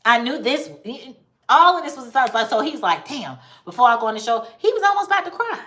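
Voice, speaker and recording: A woman's voice: high voice, very animated, quick pace, pushed and bright. Sassy, blunt woman gossiping. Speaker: vlogger. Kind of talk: casual commentary.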